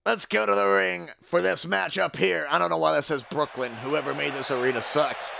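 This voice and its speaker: Male stream commentator, announcer energy, high and very gravelly. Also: steady tone, normal speed, background noise. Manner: hype announcer, chatting to live stream viewers. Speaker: wrestling commentator. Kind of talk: play-by-play commentary of a video game wrestling show.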